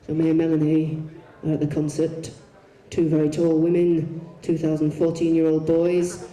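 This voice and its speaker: A woman telling bawdy, swearing stories on a concert stage, with deadpan comic asides. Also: low-pitched, moderate pace. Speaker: poet performing on stage. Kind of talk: live stage storytelling. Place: large concert arena on stage. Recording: echoey arena heard from far off.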